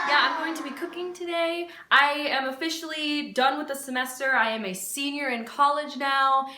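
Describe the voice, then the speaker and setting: Chatty high-voiced woman in her twenties. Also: sharp tone, reverberant. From Texas. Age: 20s. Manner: chatty, playful, dramatic bursts of mock panic. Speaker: vlogger. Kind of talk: casual cooking vlog. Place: home kitchen.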